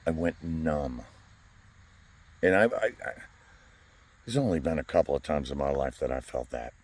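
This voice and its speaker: Very deep-voiced man, earnest and halting. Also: a little mellow. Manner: earnest, halting, repeats words. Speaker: vlogger. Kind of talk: personal vlog monologue. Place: outdoors by a flagpole.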